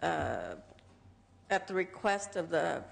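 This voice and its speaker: A woman senator making formal floor remarks, somewhat halting and with fillers. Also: low voice, big pitch swings, creaky. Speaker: state senator. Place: large legislative chamber. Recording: chamber broadcast with long reverb.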